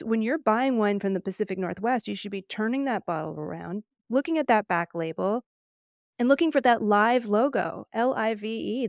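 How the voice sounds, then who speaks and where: A middle-aged woman co-hosting a podcast, explaining news in an earnest, measured way. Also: medium pitch, no room sound, studio quality. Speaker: podcast co-host, wine journalist. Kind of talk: casual news podcast chat.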